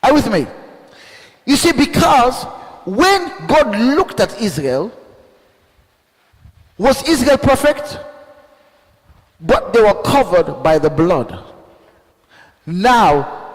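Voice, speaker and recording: A man preaching a fiery sermon as a bishop, calling out questions to the congregation and bursting into shouts. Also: extremely high pitch, big pitch swings, takes it slowly, pauses often. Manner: call-and-response, shouting bursts, rhetorical questions. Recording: long hall reverb.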